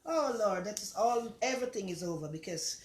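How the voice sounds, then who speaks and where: An older woman with a Jamaican accent chats her way through a home cooking vlog, rambling and affectionate as she talks. Her voice sits at an everyday middle pitch. The recording has the roomy echo of a bare kitchen. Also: expressive, brisk. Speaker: cooking show host. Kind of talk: casual cooking vlog chat. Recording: echoey kitchen.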